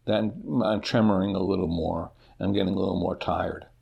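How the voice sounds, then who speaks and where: A middle-aged man giving a personal interview with a rough, gravelly edge and a husky, slightly breathy tone. He talks haltingly, starting over and repeating words as he goes. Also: sits low, fairly even intonation, muffled recording. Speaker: interview guest, teacher.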